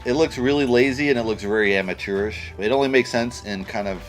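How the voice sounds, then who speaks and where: A man's voice: mid-range voice, fast, faint music behind. A man giving a casual spoken film review, blunt and rambling, with casual swearing. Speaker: movie reviewer.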